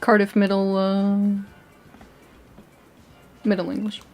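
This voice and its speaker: A woman's voice: medium pitch, completely flat delivery, slow, a little mellow, soft background music. A young woman from Portugal, a live streamer chatting casually with her viewers while she plays a video game. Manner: chatty, answering chat, often laughing and trailing off.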